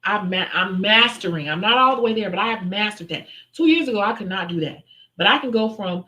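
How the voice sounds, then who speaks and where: A woman's voice: medium pitch, expressive, a little fast, pushed and bright, low-quality recording. A young adult woman hosting a live question-and-answer stream, talking casually and candidly and acting out other voices when she retells stories. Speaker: livestream host answering viewer questions.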